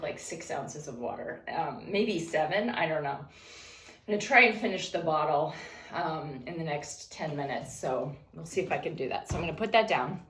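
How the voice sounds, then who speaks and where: A woman talking calmly and breathily while she stretches and breathes, walking through her routine in a room at home. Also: low voice, recorded from a distance, a little hiss or hum. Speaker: vlogger leading a stretching routine. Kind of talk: casual narrated stretching session. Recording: echoey room, away from the mic.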